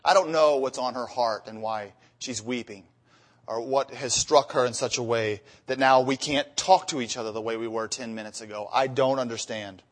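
A man preaching on marriage to his congregation, his voice at an ordinary middle pitch. He tells humorous stories about married life, then reads scripture with rising emphasis. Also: fairly even intonation, moderate pace. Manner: storytelling with acted-out marital dialogue. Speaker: pastor. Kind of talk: sermon.

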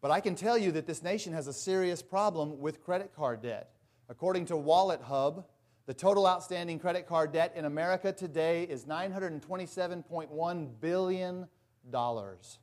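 A man's voice: fairly high pitch, moderate pace, a little mellow. A male pastor preaching a sermon earnestly and with emphasis, mixing in folksy asides.

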